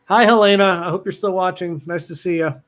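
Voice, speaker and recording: A man's voice: high-pitched, steady tone, a little fast, fairly bright tone. A man hosting a live question session, upbeat as he reads out viewer questions. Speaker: host. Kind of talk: live Q&A chat.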